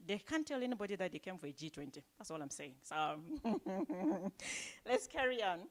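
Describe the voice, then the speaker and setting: A woman's voice: medium pitch, big pitch swings, normal speed. A woman from Cameroon whose accent carries South African influence, hosting a live event in a chatty, playful way with frequent laughter.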